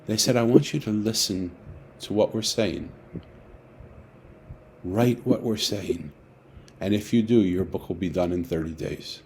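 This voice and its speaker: A man, an author, telling a personal story in a lively way and acting out the dialogue, over a video call. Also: lowish voice, a little slow, slight background noise. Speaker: author guest. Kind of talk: storytelling talk.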